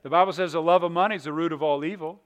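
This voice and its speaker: A man delivers a sermon as a pastor at a very fast clip, his fairly high voice keeping a steady tone. He shifts from loud, emphatic moments to hushed ones, repeating words as he goes.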